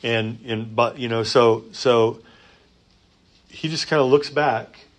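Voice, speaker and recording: A man preaching a sermon in a conversational way, rising for emphasis and dropping to soft asides. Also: mid-range voice, fairly even intonation, slow. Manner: conversational, many fillers and restarts. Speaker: pastor.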